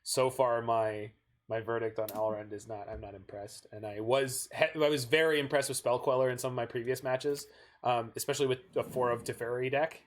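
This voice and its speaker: A man's voice: medium pitch, fairly even intonation, brisk. A man from Canada chatting casually while he plays a card game on stream and thinks aloud. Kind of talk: casual gameplay chat.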